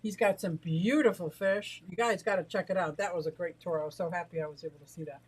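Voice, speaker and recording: A middle-aged woman from the United States, out of breath and excitable, chatting casually on a livestream about her fish and greeting viewers. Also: on the low side, fast, husky, low-quality recording. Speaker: aquarium and exotic pet livestreamer.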